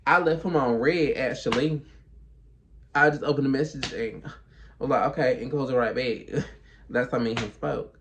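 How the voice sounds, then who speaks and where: A man's voice: medium pitch, normal speed, pauses often, fairly bright tone, slight background noise. A man telling a story in a casual monologue, sassy and emphatic, acting out both sides of conversations.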